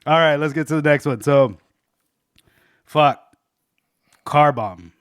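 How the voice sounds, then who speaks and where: A man's voice: a little high, takes it slowly, a bit bright, clean tone, dry recording, studio quality. A man hosting a podcast in casual chat, laid-back, swearing and laughing often. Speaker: podcast host.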